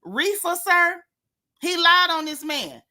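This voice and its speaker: A woman's voice: extremely high pitch, very animated, slow pace, sharp tone. A woman hosting a casual gossip livestream, sassy and mocking as she talks straight to her viewers. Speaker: host of a gossip channel.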